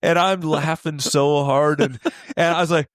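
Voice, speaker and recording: A man in his forties, a podcast guest telling rodeo stories in a casual, animated way, laughing often and acting out the voices of the people in them. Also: a little high, normal speed, dry recording, studio quality. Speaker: podcast guest, retired steer wrestler. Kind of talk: casual storytelling.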